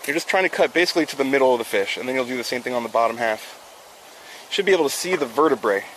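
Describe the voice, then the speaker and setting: Very fast and animated, this South Florida fishing streamer talks to his chat while he works outside. His voice is medium in pitch and a bit bright, with slight background noise. The tone is upbeat and chatty, a casual live-stream lesson.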